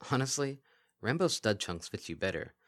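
A man voicing a weary female changeling in a storybook reading, speaking flat and resigned. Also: medium pitch, a little fast, pitched above the performer's own voice. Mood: weary dry. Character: weary disguised female changeling, dry and exasperated.

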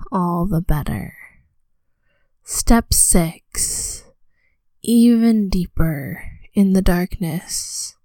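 A woman voicing a commanding female vampire in a slow, breathy whispered role-play. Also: mid-range voice, a little mellow, no room sound. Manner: slow hypnotic countdown, commanding.

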